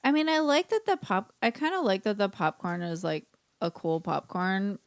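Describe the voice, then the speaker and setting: A woman's voice: medium pitch, moderate pace, no room sound. A woman co-hosting a casual chat podcast, chatty and teasing, who laughs often. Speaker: podcast co-host.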